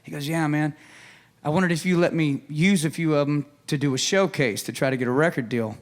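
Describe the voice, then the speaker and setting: A man, a songwriter guest telling an animated story and acting out the dialogue on a music show. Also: on the high side, brisk. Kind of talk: storytelling chat. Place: stage of a live music show.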